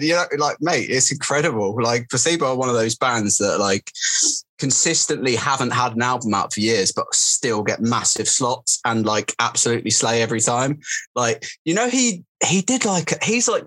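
A man's voice: mid-range voice, normal speed, bright, forceful tone. A man in his thirties, a comedian guest on a podcast, rambling and joking with frequent giggles. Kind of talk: casual podcast chat.

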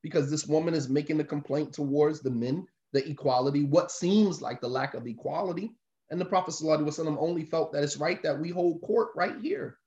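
A man's voice: fairly high pitch, fast talker, darkish tone. A man giving an informal sermon, repeating his points emphatically in a conversational way. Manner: repetitive, emphatic, conversational preaching. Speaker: religious teacher. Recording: roomy, dull lo-fi recording.

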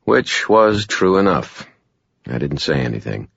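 A man's voice: very deep voice, very animated, a little slow, vocal fry, a bit bright, breathy edge, no echo, highs cut off. A man narrating a novel in first person, with a dry, wry delivery. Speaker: audiobook narrator.

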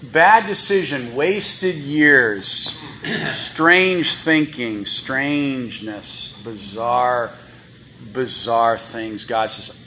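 A man's voice: medium pitch, drawn-out words, pushed and bright, slight background noise, poor audio. A man preaching a sermon in a church, chatty and full of rhetorical questions to the congregation. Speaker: guest preacher. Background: congregation responses.

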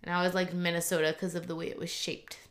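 A woman's voice: fairly low pitch, flat delivery, fast talker. A woman co-hosting a podcast in casual chat, dry and teasing.

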